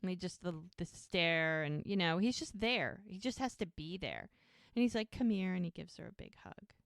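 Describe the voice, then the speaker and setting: Her voice is gravelly and on the low side, moving at a normal speed, with no room sound and a clean studio finish. She co-hosts a podcast, loosely recounting show scenes and voicing the characters with animation.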